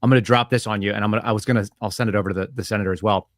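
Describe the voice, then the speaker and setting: A man's voice: lowish voice, steady tone, no room sound. A man who is a former FBI agent, a guest on an interview show, telling stories and explaining in a chatty way. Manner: fast, chatty, tells anecdotes with voiced quotes. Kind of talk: interview storytelling.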